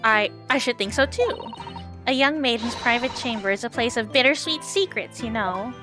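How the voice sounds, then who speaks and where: A woman voicing a prim, proper young female assistant, a little flustered, with game music clearly behind. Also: a little high, moderate pace, natural voice.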